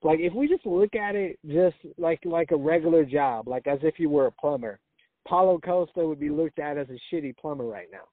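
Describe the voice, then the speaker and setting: A man's voice: on the high side, animated, a little fast, dry recording. A man co-hosting a podcast, chatting loosely about fights with lots of cursing and laughter. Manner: loose, profane, laughing banter. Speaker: podcast co-host. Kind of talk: casual podcast chat. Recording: tinny phone-like line, dry.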